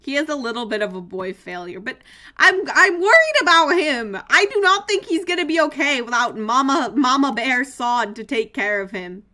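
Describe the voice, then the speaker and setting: A young woman streaming a game, chatting casually, reading the story text aloud and breaking into playful, excited outbursts. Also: high-pitched, normal speed. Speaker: gaming streamer.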